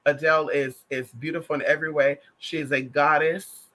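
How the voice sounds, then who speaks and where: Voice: medium pitch, a little fast. Sassy, profane celebrity gossip vlogger. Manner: animated, addresses viewer as girl and honey. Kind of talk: casual pop culture commentary.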